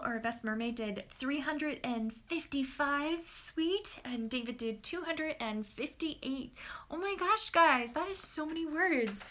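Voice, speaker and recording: A young woman hosting a writing-sprint livestream, chatting casually and excitedly with viewers and talking to her dog. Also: on the high side, measured pace. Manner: bubbly and chatty, coos softly to her dog.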